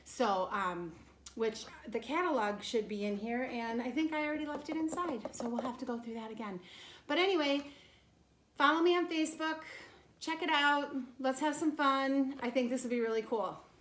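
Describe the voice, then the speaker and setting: A woman casually unboxing a craft kit for her channel, bubbly and excited as she shows each piece. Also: high-pitched, normal speed. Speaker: craft vlogger. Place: home craft studio. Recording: echoey room, faint noise.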